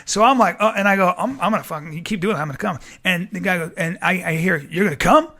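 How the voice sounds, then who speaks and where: Excitable male storyteller, high and gravelly, stammers and does the voices. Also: fast. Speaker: comedian guest. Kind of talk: animated comic storytelling.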